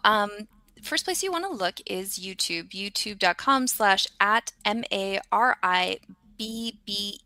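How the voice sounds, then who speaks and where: A woman's voice: medium pitch, creaky, no echo. An American woman, a scientist, chatting casually with many ums and restarts. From United States. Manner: animated, frequent ums and restarts. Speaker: scientist and regular guest. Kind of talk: casual chat.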